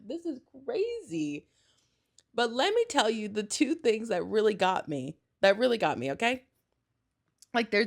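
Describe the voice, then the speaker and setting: A young woman hosting a solo podcast, chatting casually and gushing, rambling with lots of "like" and quick self-corrections. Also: medium pitch, gravelly. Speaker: podcast host.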